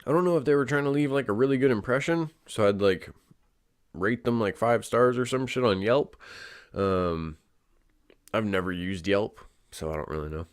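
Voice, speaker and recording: A man's voice: fairly low pitch, normal speed, clear, resonant tone. A young man hosting a casual solo show, rambling with lots of fillers and swearing. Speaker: podcast host.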